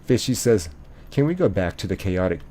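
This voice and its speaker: A man's voice: low-pitched, big pitch swings, moderate pace, dark tone. A young man streaming live, casually reading chat messages aloud and rambling with lots of ums and likes.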